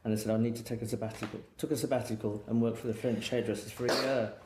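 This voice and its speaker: A man's voice: medium pitch, little pitch movement, rapid-fire. A middle-aged man from England, a guest hairdresser telling long rambling anecdotes in casual chat. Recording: echoey room with faint noise.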